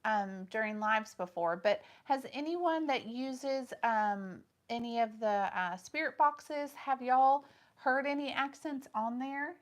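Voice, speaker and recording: A woman co-hosting a livestream, reading viewer comments aloud and chatting casually, with frequent pauses and fillers. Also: sits high. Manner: reads out chat comments, hesitant with many fillers. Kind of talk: casual live-stream chat with viewers.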